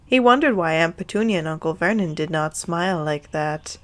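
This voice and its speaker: A woman's voice: lowish voice, animated, brisk. Young woman reading aloud with swearing asides. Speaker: reader of fanfiction. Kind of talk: comic dramatic reading.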